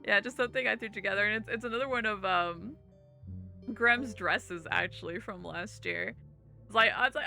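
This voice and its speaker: Casting: lively, giggly woman streamer, bright voice with a gravelly edge, faint game music behind. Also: medium pitch, normal speed. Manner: giggly, animated, reads game text aloud. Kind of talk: casual gaming commentary.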